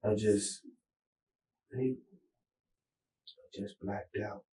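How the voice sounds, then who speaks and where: Man, mellow dark voice, halting rambling slang, echoey small room. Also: fairly low pitch, steady tone. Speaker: interview subject. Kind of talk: police interrogation recording. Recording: echoey room, camera mic.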